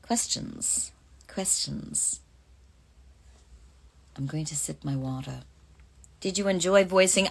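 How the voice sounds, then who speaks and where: A woman's voice: fairly low pitch, moderate pace, pushed and bright. A woman voice actress chatting through a live fan Q&A, reading out questions and answering casually.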